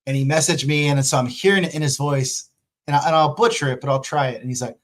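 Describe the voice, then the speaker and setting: A man, an author, talking casually and candidly to viewers, animated and swearing freely. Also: on the high side, fast talker. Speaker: author answering viewer questions. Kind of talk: casual vlog talk.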